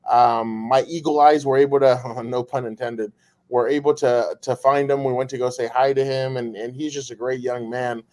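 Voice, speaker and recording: A man's voice: medium pitch, steady tone, normal speed, darkish tone. Upbeat man co-hosting a sports podcast. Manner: rambling, upbeat, with restarts. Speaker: podcast co-host. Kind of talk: casual sports podcast chat.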